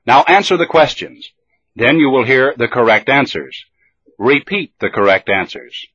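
A man reading a scripted language drill slowly, with careful, deliberate enunciation. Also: mid-range voice, lively intonation, a bit bright, breathy edge. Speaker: language teacher. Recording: dull lo-fi old tape recording.

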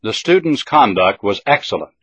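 A man reading a scripted language drill slowly, with careful, deliberate enunciation. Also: on the low side, very animated, fairly bright tone, slightly rough, dry recording. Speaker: language teacher. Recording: dull lo-fi old tape recording.

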